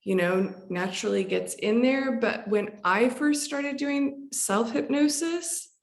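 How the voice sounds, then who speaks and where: A woman hypnotherapist explaining a calming practice in conversation, gentle and relaxed, with frequent fillers and restarts. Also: a little high, takes it slowly. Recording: echoey room.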